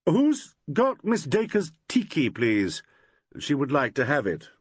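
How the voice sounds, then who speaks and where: A man voicing a calm, probing gentleman investigator in a storybook mystery. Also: a little high, fairly quick, no echo, voice pushed up, exaggerated voice. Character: composed gentleman sleuth, quietly probing.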